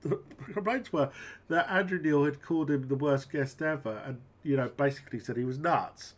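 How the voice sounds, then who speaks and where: A woman's voice: low voice, normal speed. A woman hosting a casual political commentary show, chatty and full of fillers. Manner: chatty, many fillers, "right?". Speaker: host.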